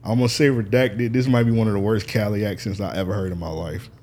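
A man co-hosts a casual podcast and tells an animated story, acting out what people said with plenty of laughter. His voice is low and a little husky. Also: fast. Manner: animated storytelling, laughs often, acts out quotes. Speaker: podcast co-host. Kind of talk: casual chat.

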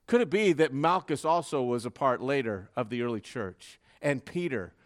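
A man preaching a sermon with fervor, dropping to a hush and then rising to loud, dramatic peaks. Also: medium pitch, lively intonation, normal speed. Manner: dramatic preaching, swinging from hushed to loud, fervent.

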